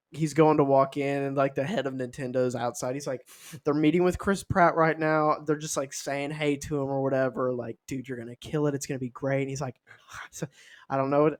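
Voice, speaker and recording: A young man co-hosting a podcast, acting out a comic story with loud voiced bits and laughs. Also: on the high side. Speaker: podcast co-host. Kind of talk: casual comedic chat.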